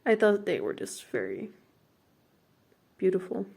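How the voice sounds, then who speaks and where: A young Dutch woman, a native Dutch speaker, talks casually through a studio vlog about her painting. Her voice is mellow and soft-edged, and she fills her talk with "like" and small laughs. She sounds slightly out of breath. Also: medium pitch, big pitch swings, a little slow, vocal fry, breathy edge. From Netherlands. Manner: chatty, filler-heavy, laughs often. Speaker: portrait painter.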